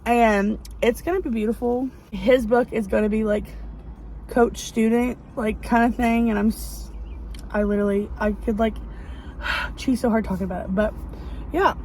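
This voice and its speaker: A woman, chatting excitedly and rambling with many fillers as she recaps a romance novel. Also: fairly high pitch, moderate pace, a little hiss or hum, rough recording. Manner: gushing, rambling, lots of fillers. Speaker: book vlogger. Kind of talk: casual book review chat. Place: outdoors near a parking lot.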